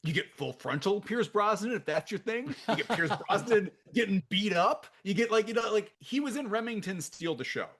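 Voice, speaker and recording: A man co-hosting a film podcast, his voice swinging up and down with lots of movement. His pitch sits a little high for a man. He chats casually and pokes fun at himself, often breaking into laughter. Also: normal speed, few pauses, breathy edge. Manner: animated, self-deprecating, laughs often. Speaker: podcast co-host.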